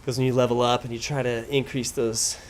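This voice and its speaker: A man chatting casually while playing a video game, relaxed and laughing easily. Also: medium pitch, brisk, slight background noise. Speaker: game streamer. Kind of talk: casual let's play commentary.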